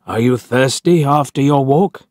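A man reading an audiobook, voicing a kindly old village man in a calm, welcoming way. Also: mid-range voice, a little slow, no room sound, clean studio sound, natural voice.

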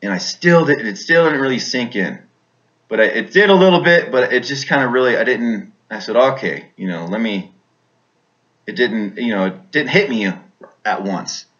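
A man's voice: medium pitch, expressive, moderate pace, a bit bright. A man telling a personal war story as a veteran, rambling, repeating words, with many fillers. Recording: dull lo-fi recording.

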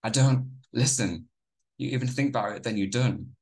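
A man's voice: mid-range voice, moderate pace, a little mellow, voice pushed up, natural voice. A man voicing a tough teenage gang member who gives hard, urgent warnings. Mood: fuming.

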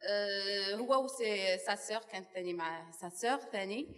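A middle-aged woman with an Algerian Arabic accent, chatting as a guest's mother in a halting way, with many filler sounds and French words mixed in. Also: medium pitch. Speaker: guest's mother, audience member. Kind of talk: casual live talk-show chat.

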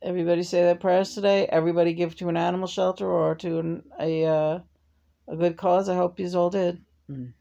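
A woman's voice: fairly low pitch, flat delivery, fairly quick, vocal fry, warm tone, lo-fi sound. A woman channeling the spirit of a dead man who rambles, hesitates and makes crude jokes. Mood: rambling.

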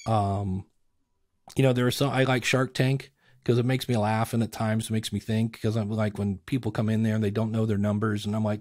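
A man on a podcast as a guest, chatting casually and acting out little quoted exchanges with lively energy. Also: fairly low pitch, normal speed, dry recording, clean studio sound. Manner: animated storyteller acting out quotes.

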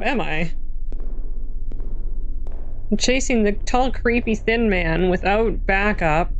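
A young woman casually commenting on a horror game as she plays, jumpy and self-mocking. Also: mid-range voice. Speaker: gaming channel host.

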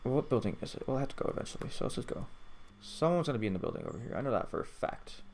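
A man giving live gameplay commentary, swearing constantly and swinging from low muttering to loud excited outbursts. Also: very fast, creaky, slight background noise. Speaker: gamer.

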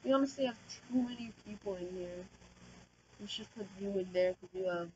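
A woman giving casual, slangy gameplay commentary as a channel host, talking loudly and excitably. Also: mid-range voice, fairly quick, slightly rough, highs cut off. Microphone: desk microphone.

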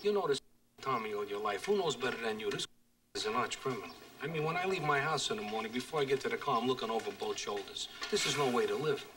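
An actor playing a worried man who pleads with his boss for help in fast street talk. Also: medium pitch, lively intonation, a bit bright, no room sound, close to an everyday voice. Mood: pleading worried. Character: anxious middle-aged man pleading for mob protection. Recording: distant film clip played on air.

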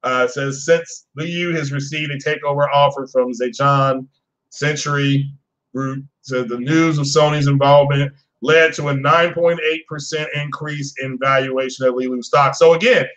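A man's voice: medium pitch, steady tone, moderate pace, a bit bright, lo-fi sound. A man hosting a casual live gaming podcast, talking loosely and rambling as he reads chat and news to his viewers. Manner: rambling, chatty, talks to chat viewers by name.

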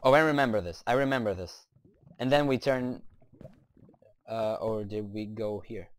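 A young man doing let's play commentary, excitable, talking to the creatures in his game and cursing now and then. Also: fairly low pitch, moderate pace. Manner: excitable, talks to the game's creatures, curses.

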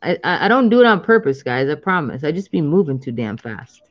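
A woman's voice: low-pitched, very animated, a little fast, lo-fi sound. A woman in her thirties chatting casually on a live stream while scratching lottery tickets, drawing out the numbers she calls and laughing often.

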